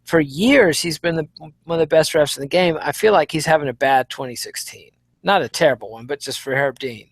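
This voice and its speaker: Man, co-host, measured, wry dry humor, close dry sound, casual fight recap. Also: fairly high pitch, no echo. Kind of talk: casual post-fight analysis chat.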